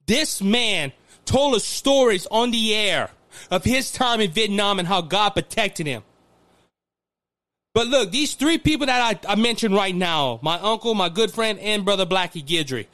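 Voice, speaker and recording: A man with a Cajun Louisiana accent hosting a political commentary show, delivering an emotional monologue that swells toward shouting, with stumbles and repeated words. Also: high-pitched.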